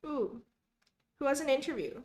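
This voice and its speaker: A young woman hosts a live study stream from home, chatting casually as she reads viewer comments. She greets people by name in an upbeat, friendly way, and her voice sits fairly high. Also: expressive, moderate pace, darkish tone.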